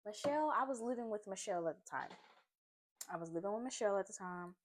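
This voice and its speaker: A chatty woman tells a story from her own life while she eats, in a loose, animated way. She fills her talk with asides and fillers and keeps checking in with her listener. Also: mid-range voice, fast, a little hiss or hum. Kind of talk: casual storytime while eating. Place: at home, eating a seafood boil.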